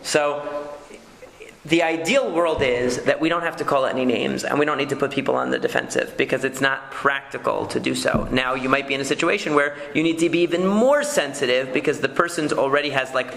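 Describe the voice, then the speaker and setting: A man's voice: medium pitch, a little fast, vocal fry, a bit bright, a little hiss or hum. A man, a rabbi, giving a conversational lecture and checking in with "okay?" as he teaches. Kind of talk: lecture on marriage communication. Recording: echoey room.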